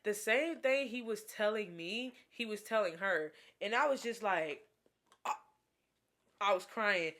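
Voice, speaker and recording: Young woman, storytime vlogger, lively and slangy, close mic. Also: medium pitch, unhurried. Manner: animated, slangy, dramatic. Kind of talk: storytime vlog.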